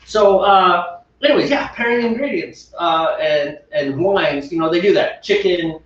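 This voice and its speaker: A man's voice: sits high, measured pace. A middle-aged man co-hosting a homebrew show, chatting casually and rambling with frequent laughs. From United States. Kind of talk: casual chat. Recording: echoey room, mic far off, dull.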